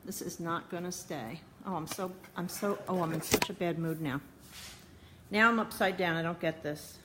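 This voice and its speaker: A woman with a lowish voice hosts a live cooking stream from her home kitchen, speaking at a moderate pace over very noisy audio. Flustered, she mutters and frets to her viewers, half to herself, while struggling to fix her camera. The sound comes from a phone or tablet camera mic.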